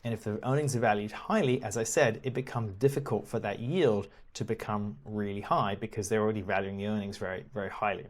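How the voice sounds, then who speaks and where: An investing educator shares his screen and walks through stock reports in a casual, halting manner, often repeating words and chuckling now and then. His voice is fairly low with fairly even intonation.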